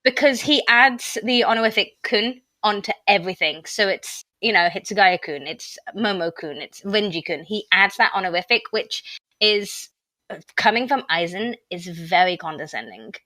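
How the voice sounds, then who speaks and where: A woman's voice: mid-range voice, animated, moderate pace, sharp tone, no echo. A Scottish woman co-hosting a fan podcast, chatty and detailed as she explains things, laughing often. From Scotland. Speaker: podcast co-host. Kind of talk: casual chat.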